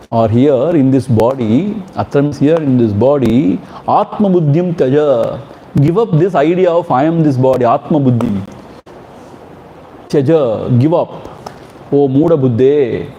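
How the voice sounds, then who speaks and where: A man, a spiritual teacher, chanting Sanskrit verses slowly and explaining them in a gentle, fatherly way. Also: mid-range voice, dull audio, slight background noise. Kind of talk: scripture commentary talk.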